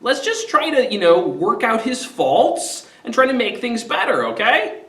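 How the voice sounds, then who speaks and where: A man voicing an anxious older Roman statesman in a high, pleading, fussing tone. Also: very animated, a little slow, sharp tone, heavily acted. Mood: coaxing. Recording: roomy echo, mic at a distance.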